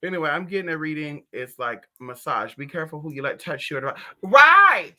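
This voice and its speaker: A woman reader chatting casually to her viewers from home in a sassy, slangy, animated way. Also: low voice, moderate pace. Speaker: spiritual reader and streamer. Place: at home indoors.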